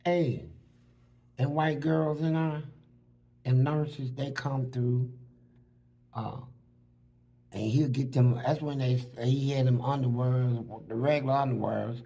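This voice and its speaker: A man casually telling stories from prison, animated and full of street slang, acting out what other people said. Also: medium pitch, slow, gravelly, long pauses. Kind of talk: casual storytelling.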